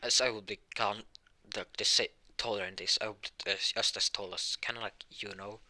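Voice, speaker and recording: Tired young male storyteller, low bright voice, rambling improvised fan story delivery. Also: steady tone, a little fast. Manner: rambling, hesitant, many restarts.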